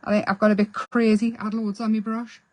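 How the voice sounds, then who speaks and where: A woman's voice: on the high side, little pitch movement, a little fast, no echo, poor audio. A woman hosting a casual painting tutorial, chatty and self-deprecating as she explains while she works. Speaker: craft channel host.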